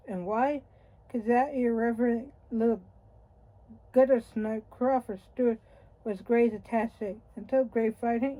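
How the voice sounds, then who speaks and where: An audiobook reader takes a wry, conversational approach to a nonfiction history book, now and then tripping over a word and starting again. Her voice is mellow and warm, pitched a little on the high side, and the recording quality is low.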